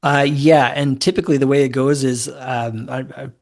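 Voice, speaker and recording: This is an easygoing man talking through his investing methods on a podcast. He speaks at an ordinary middle pitch. His explanations wander and fill up with "uh" and "you know.". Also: flat delivery, moderate pace, a little mellow. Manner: easygoing, rambling explanations with fillers. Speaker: guest, mortgage note investor. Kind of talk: conversational podcast interview.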